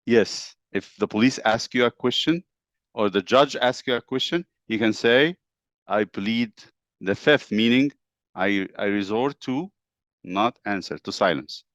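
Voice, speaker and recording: Low-voiced male teacher telling history. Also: unhurried, no echo, dull audio. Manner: animated storytelling, asks the class questions. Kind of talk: classroom history lesson.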